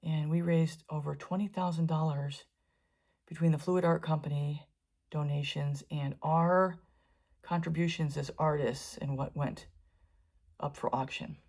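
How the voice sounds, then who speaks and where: Low-voiced woman chatting through a painting tutorial. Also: steady tone, a little slow, darkish tone. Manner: chatty, wandering asides while working. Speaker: fluid art painter teaching. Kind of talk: casual painting tutorial narration.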